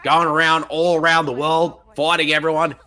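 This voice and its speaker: A man's voice: a little high, little pitch movement, normal speed. A man putting on a joking impression of a brash actor, boasting and laughing as he goes. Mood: boastful. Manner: blustery, laughing, loud.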